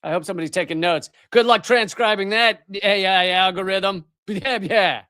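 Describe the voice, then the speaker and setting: A man's voice: sits high, steady tone, fairly quick, bright, forceful tone, clear, resonant tone, no echo. A middle-aged man hosting a live political commentary show, ranting angrily with profanity and frequent restarts. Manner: angry, profane, emphatic with many restarts.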